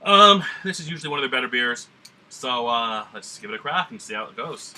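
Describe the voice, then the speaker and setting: A man reviews a beer on camera in a put-on Southern drawl, his voice very bright and forceful. He rambles casually, full of ums and uhs, with the odd blunt curse. A faint background noise sits under him. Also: mid-range voice, expressive, fairly quick. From New England. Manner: rambling, many fillers, blunt and profane.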